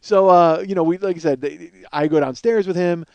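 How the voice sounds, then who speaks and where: Animated, cursing podcast storyteller man. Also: high-pitched, brisk, smooth, no echo, dull audio. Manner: animated, profane, rambling with restarts. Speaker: podcast host. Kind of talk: comedic storytelling monologue.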